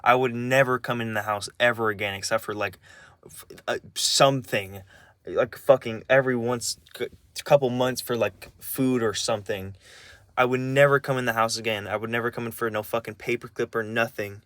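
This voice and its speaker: A young man rants about his family in a raw, angry vlog, tripping over his words and restarting often. His voice sits at an ordinary pitch. The sound is dry and close, with no room echo. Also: steady tone, a bit bright. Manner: angry, halting, many restarts and swearing. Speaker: vlogger. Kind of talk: emotional personal rant.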